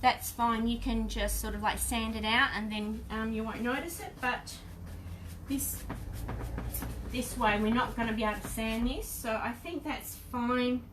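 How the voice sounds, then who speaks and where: A woman's voice: on the high side, a little slow, noisy background. Chatty Australian woman teaching painting live. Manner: chatty, talks to viewers while working. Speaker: craft teacher. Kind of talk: live-streamed painting demonstration.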